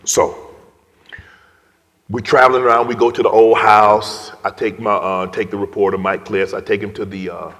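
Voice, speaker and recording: A middle-aged man with a low, deep voice tells a personal story at an event, his delivery swinging from loud to near-whispered. His voice rings out with the long reverb of a big hall. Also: little pitch movement, moderate pace. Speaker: guest speaker.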